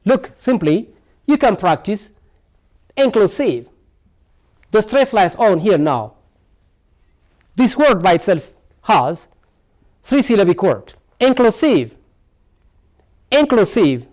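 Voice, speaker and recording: Male English teacher. High, lively voice, slow and deliberate, drilling words by repetition. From Ethiopia. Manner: asks rhetorical "what?" questions and repeats each word many times. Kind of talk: televised classroom lesson.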